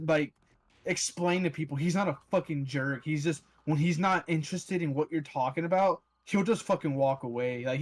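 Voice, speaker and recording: A man's voice: on the high side, no room sound. Young man, crude chat, dry sound. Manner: crude, profane, laughing banter. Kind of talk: casual chat while gaming.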